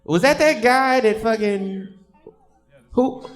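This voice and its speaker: A man's voice: very high voice, slow. A man doing profane stand-up crowd work on a comedy stage, teasing audience members.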